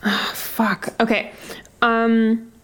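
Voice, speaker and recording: A woman's voice: on the high side, level tone, extremely slow. A woman playing a tabletop game, chatty and a little hesitant. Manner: chatty, hesitant, laughs often. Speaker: player. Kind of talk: casual tabletop play.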